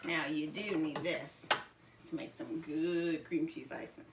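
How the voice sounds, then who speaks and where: A woman's voice: deep voice, fairly even intonation, a little slow. A woman host with a Southern US accent gives a cooking demonstration in a home kitchen. She chats directly to her viewers and laughs often. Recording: loud mixer noise and clicks.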